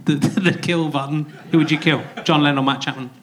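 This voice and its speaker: A man's voice: on the high side, fairly even intonation, fast. A man hosting a live comedy podcast on a theatre stage, trading wry, sardonic jokes. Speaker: podcast host. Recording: live theatre with audience noise.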